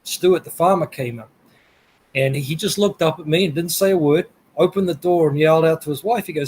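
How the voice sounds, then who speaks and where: A man's voice: a little high, fairly quick, a little mellow, husky, rough recording. A man from New Zealand, a guest telling rambling travel stories in a casual interview, laughing now and then.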